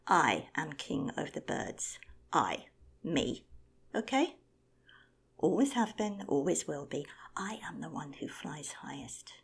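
A woman's voice: low voice, very animated, unhurried, creaky, a little mellow, husky, exaggerated voice. A woman voicing an arrogant, self-important male condor, king of the birds, in a whispered storybook reading. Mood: boastful.

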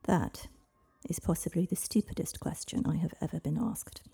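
A woman voicing an ancient, lonely male dragon who talks in a dry, world-weary way, in a husky storybook reading. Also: sits low, normal speed, mellow, whispered, full character voice. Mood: sardonic.

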